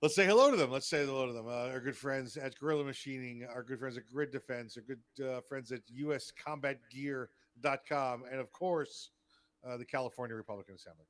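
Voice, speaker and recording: A male podcast co-host with a mid-range voice in casual political talk. He keeps the conversation going with quick agreements and loose, rambling asides. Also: medium pitch, a bit bright. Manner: frequent short agreeing interjections.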